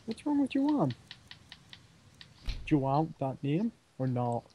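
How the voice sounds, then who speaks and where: A man's voice: a little high, very animated, unhurried, mellow, a little hiss or hum. A young man chatting with a friend over a game, jokey and giggly, often apologizing for his teasing. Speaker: friend playing along on voice chat. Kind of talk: casual gaming chat.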